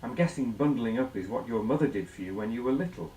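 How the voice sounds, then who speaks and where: A man's voice: medium pitch, animated, dark tone. Man explaining in an echoey room. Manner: measured, explanatory, asks guiding questions. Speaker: instructor. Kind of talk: scripted educational presentation.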